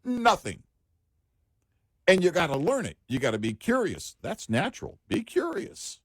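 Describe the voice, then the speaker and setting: A man's voice: high voice, huge pitch swings, a little slow, slightly rough, no room sound, studio quality. A man co-hosting a talk radio show, giving emphatic, opinionated commentary with some joking. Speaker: radio co-host.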